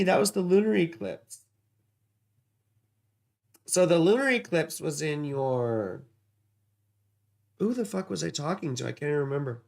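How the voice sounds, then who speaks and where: Male astrology streamer, gravelly, slightly high voice, meandering and profane. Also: animated, measured pace, pauses often, a little mellow. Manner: rambling, distracted, swears casually. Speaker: astrology livestream host. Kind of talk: casual livestream astrology reading.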